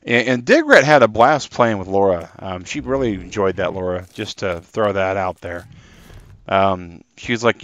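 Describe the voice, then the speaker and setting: Man streamer, casual rambling chat to viewers, low-pitched voice, slightly dull lo-fi mic. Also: animated, normal speed, a bit bright, no echo. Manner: chatty and rambling, talking to chat. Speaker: streamer playing a game live.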